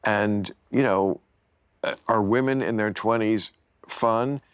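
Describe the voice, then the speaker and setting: Blunt, low-voiced male podcast host. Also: slow, smooth, no echo, studio quality. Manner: blunt, opinionated, swears casually. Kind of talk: casual chat.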